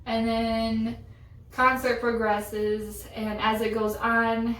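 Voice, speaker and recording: A young woman chats through a story in a slightly high voice with a flat, even delivery. Her tone is chatty and exasperated. She sounds set back from the mic in a roomy, echoey space. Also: slow pace. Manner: chatty, exasperated retelling with lots of "like". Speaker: vlogger. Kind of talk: casual storytelling chat. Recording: roomy echo, voice from a distance.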